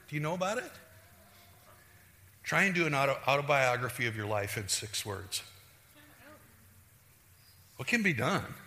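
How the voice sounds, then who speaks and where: A middle-aged man preaching a sermon as a pastor, animated, acting out quoted voices and moving between loud bursts and hushed asides. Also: medium pitch. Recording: reverberant hall.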